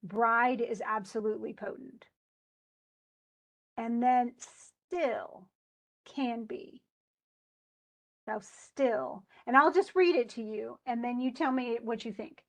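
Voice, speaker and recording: A woman teaching poetry in a lesson, her voice sitting a little on the high side. She talks with false starts and slows down to stress the syllables she means. Her tone is patient. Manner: thinking aloud with restarts, slowing to stress words. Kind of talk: live tutoring on meter.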